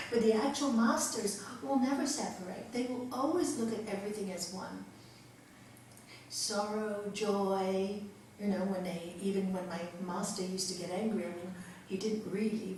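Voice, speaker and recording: A woman's voice: mid-range voice, darkish tone, a little hiss or hum. A woman yoga teacher giving a spiritual talk to a group, earnest, telling stories and laughing often. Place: teaching centre room. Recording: echoey room, mic far off.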